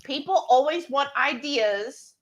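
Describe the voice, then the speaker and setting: Bright chatty woman live-streamer. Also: high voice, slow pace. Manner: chatty, reads viewer comments aloud. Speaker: livestream cooking co-host. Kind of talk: casual live-stream chat.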